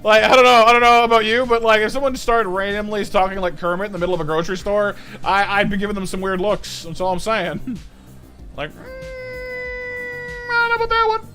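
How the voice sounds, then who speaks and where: A man in his thirties talks casually as he draws on a live stream. His voice sits fairly high, and he rambles, repeating and restarting words. Faint music plays in the background. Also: little pitch movement, fast, bright, forceful tone. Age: 30s. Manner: rambling, stammering, with lots of fillers. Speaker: art streamer.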